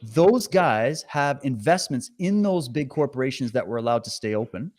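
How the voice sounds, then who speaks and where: A man interviewing a guest, animated, sarcastic and indignant, talking heatedly. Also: mid-range voice, moderate pace.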